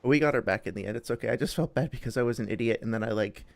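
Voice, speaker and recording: A man's voice: medium pitch, very fast, creaky, soft background music. A young man hosting a live stream, chatting casually with viewers in a friendly, rambling way, full of fillers and restarts. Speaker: streamer host.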